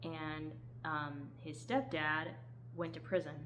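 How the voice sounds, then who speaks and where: A woman's voice: low voice, fairly even intonation, takes it slowly, background noise. A woman chatting casually as she reviews the books she read, often laughing and acting out lines with sudden lifts in her voice. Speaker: book reviewer. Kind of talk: casual book review chat.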